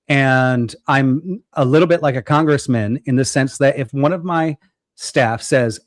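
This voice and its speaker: A man's voice: mid-range voice, dry recording. A man debating in a casual chat, arguing his point and acting out little scenarios in quotes. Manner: argumentative, quick to act out scenarios in quotes. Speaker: guest.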